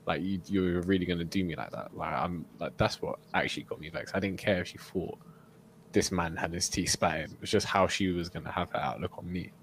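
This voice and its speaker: A young man with a low voice and vocal fry tells a story fairly quickly as a podcast co-host, with slight background noise behind him. He is an animated storyteller in this casual chat, acting out quotes and laughing often.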